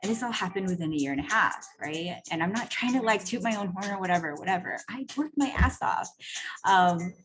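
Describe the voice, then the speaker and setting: A woman coach telling a story in a casual, profane monologue, animated and full of "like" and "right?". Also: medium pitch, a little hiss or hum. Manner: animated, acts out quoted voices. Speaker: personal growth coach.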